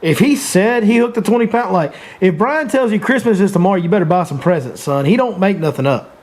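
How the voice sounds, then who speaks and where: A man's voice: sits high, animated, fairly quick, a little mellow. A man hosting a casual podcast chat, mostly chiming in with short replies and chuckles. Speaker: podcast host.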